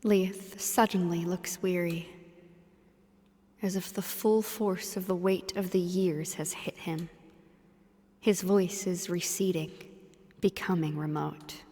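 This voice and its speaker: Woman narrating a story game in a long-reverb room, lowish voice, measured and even. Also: breathy edge. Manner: even, measured reading, slipping into quick casual chat. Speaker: let's play co-host narrating the game text. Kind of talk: reading game narration aloud with casual asides.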